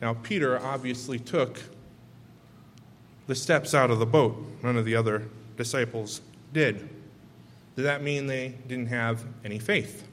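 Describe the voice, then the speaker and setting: A man's voice: mid-range voice, a bit bright, slight background noise. Man preaching in a reverberant hall. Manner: earnest, pauses to reflect and address listeners. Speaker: pastor. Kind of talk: sermon, reading and explaining scripture.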